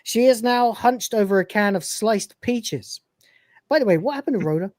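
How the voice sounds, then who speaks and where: A woman's voice: medium pitch, animated, moderate pace, darkish tone, no room sound, clean studio sound. A woman co-hosting a livestream, recapping episodes and reading scenes aloud with laughs. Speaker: podcast co-host.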